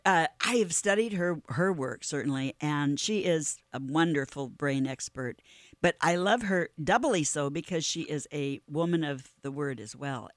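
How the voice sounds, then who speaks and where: A woman interviewer with a slightly low, trained voice, talking with effusive enthusiasm in a casual faith-based chat. The sound is dry and close, with no room around it. Her praise comes in bursts between thoughtful asides. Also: no echo. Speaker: interview host.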